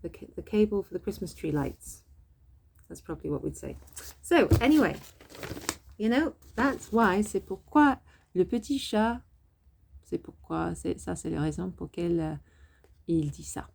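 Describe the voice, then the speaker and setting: Woman, middle-aged, French teacher, gravelly low voice, mellow tone, chatty step-by-step explaining. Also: lively intonation, normal speed, long pauses, slight background noise. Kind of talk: casual online language lesson.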